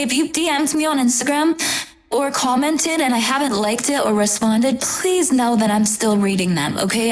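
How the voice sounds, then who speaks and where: Gushing young woman chatting to camera. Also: fairly high pitch. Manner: gushing, chatty and affectionate, trailing off and restarting. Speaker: tarot reader. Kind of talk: casual chat to camera.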